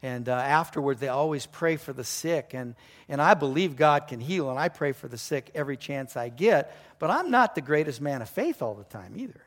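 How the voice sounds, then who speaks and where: A man preaching a sermon as pastor, telling a story earnestly, with sudden excited rises and quiet drops. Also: mid-range voice, normal speed.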